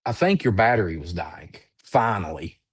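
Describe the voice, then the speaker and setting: A man telling a story as a guest in a casual chat, drawn-out and emphatic, over a video call. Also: deep voice, expressive, husky.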